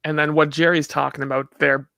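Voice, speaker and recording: A man's voice: fairly high pitch, little pitch movement, fairly quick, gravelly, bright, forceful tone, no room sound, clean studio sound. A man from Canada in casual conversation, talking in a discursive, heady way with many fillers and restarts.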